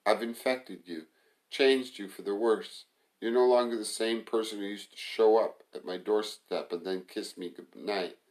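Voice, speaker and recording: A man reading aloud the lines of a troubled, guilt-ridden young woman in his own low voice, plainly and unhurried. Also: fairly even intonation, a little mellow, close to an everyday voice. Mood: weary.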